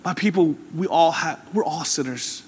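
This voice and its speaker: Pastor, male, high-pitched, casual but building sermon, long reverb. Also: normal speed, a little hiss or hum. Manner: conversational, candid preaching with rising emphasis.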